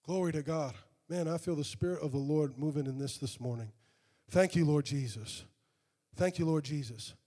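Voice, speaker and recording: A man preaching a sermon, reading scripture and praying with fervor that swells into loud, drawn-out calls. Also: a little high, big-room sound. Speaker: pastor.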